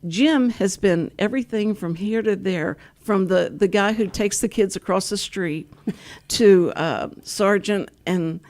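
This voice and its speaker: Unhurried and medium-pitched with a darkish tone, this older Texan woman hosts a community radio talk show. She chats casually, sharing stories and laughing frequently.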